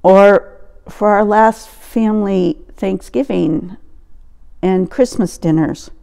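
A woman's voice: medium pitch, gravelly, warm tone. A woman pastor in her sixties, sharing an earnest personal reflection as a sermon. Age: 60s. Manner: slow, earnest storytelling.

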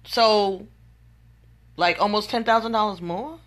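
Exasperated woman venting, bright voice. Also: on the low side, animated, unhurried. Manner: exasperated, incredulous storytelling. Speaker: vlogger. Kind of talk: venting monologue.

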